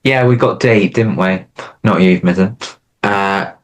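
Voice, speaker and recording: A man's voice: low voice, measured pace. A young man co-hosting a podcast, telling stories in a playful, self-mocking way. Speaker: podcast co-host. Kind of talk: casual chat.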